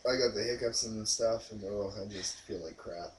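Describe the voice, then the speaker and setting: Animated man. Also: moderate pace, a little hiss or hum. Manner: animated, acts out quotes in a loud high voice. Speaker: movie review podcast co-host. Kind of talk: casual chat retelling a movie. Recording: echoey room, far from the mic.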